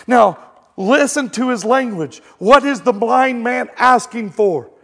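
A man with a notably high voice delivers a sermon in a relaxed, conversational way. He tells the story casually, then climbs into loud, shouted quotes. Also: slow pace, creaky. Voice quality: blind in one eye. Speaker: pastor.

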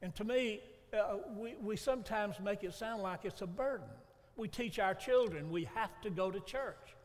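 High-voiced preacher in a hall. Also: male voice, moderate pace. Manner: folksy storytelling preacher. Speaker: pastor. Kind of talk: sermon.

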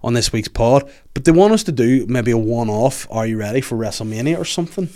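A man at a medium pitch hosts a comedy podcast in loose, chatty talk. He rambles through jokes and stories, often restarting mid-sentence and wandering into asides. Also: lively intonation, fairly quick, mellow. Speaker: podcast host. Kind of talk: casual comedic chat.

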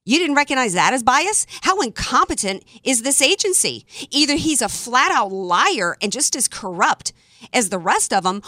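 A woman talk radio host rants with emphatic indignation, throwing in sarcastic jabs and tripping over her words as she builds steam. Her voice has a sharp, forceful edge. The sound is close and dry. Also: high voice, no room sound. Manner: stumbling restarts when fired up. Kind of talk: opinionated talk radio monologue.

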